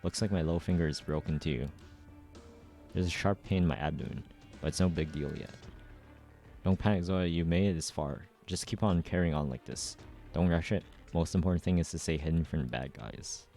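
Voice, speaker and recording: A man's voice: deep voice, fairly quick, dark tone, faint music behind. A man reading a frightened young schoolgirl fleeing a burning city, in a tense inner monologue. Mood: anxious. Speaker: reader. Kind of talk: amateur story readthrough.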